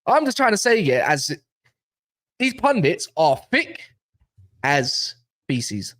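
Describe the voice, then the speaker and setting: A man with a slight cough co-hosting a football podcast, chatting in animated, slangy banter and laughing often. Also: on the high side, slow. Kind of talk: casual banter.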